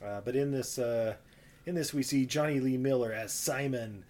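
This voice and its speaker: A man's voice: medium pitch, normal speed, a little mellow, slight background noise. A man co-hosting a podcast, recapping a movie in a casual, rambling way with frequent laughter. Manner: chatty, laughs often, rambling asides. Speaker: podcast co-host.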